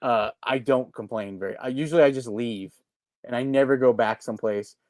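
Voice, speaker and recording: Rambling, animated podcast man. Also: mid-range voice, fairly quick, dry recording. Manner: rambling, animated storytelling with frequent restarts. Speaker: podcast co-host. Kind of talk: casual chat.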